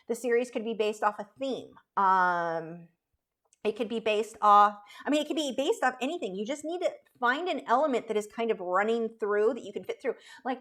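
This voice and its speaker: A woman's voice: on the high side, fairly bright tone. A woman art instructor chatting casually on a live painting stream, reading out and answering viewer questions in a rambling way.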